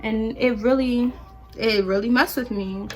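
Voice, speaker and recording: A woman's voice: fairly high pitch, steady tone, unhurried, darkish tone, soft background music. A young woman vlogger animatedly telling a storytime while getting ready, acting out the quoted lines. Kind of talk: storytime while doing her hair.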